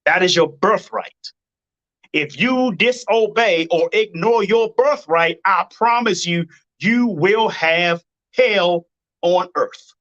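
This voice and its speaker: A man's voice: sits high, slow, fairly bright tone, muffled recording. A man hosting a live-stream advice talk, blunt and preachy, hammering his points by repeating them. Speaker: dating advice host.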